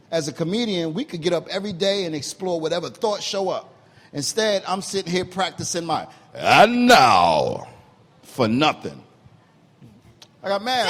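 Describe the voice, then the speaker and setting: Comedian guest, male, high-pitched and animated, rough worn voice, long echo around him. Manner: animated storyteller, laughs often. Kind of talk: storytelling on a radio talk show.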